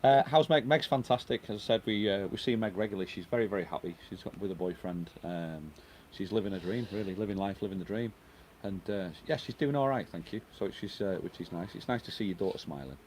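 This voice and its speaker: A man's voice: lowish voice, a little fast, a little mellow, slight background noise. A middle-aged man hosting a casual live stream at home, chatting and reading out viewer comments.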